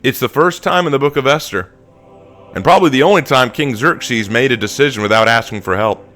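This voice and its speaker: A man's voice: medium pitch, a little fast, pushed and bright, faint music behind. A man teaching a Bible study dramatically, acting out scenes in voices.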